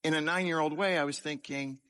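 A man's voice: on the high side, fairly even intonation, a little fast, sharp tone. A man giving a sermon-style testimony about his childhood, telling it with humour and poking fun at himself. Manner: humorous, self-deprecating storytelling. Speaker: speaker sharing his life story.

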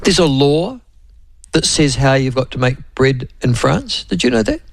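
Chatty New Zealand radio host, dry sound. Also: male voice, mid-range voice, sing-song, moderate pace, vocal fry, no echo, low-quality recording. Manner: rambling, chatty, digressive. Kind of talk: casual radio chat.

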